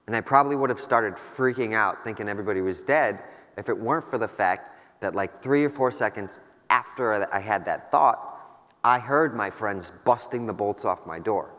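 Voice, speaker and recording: A man's voice: fairly low pitch, moderate pace, sharp tone. Man telling a candid story in a reverberant hall. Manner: candid, casual, wry, filler-heavy storytelling. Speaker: keynote speaker. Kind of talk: personal war story told on stage. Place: large conference hall.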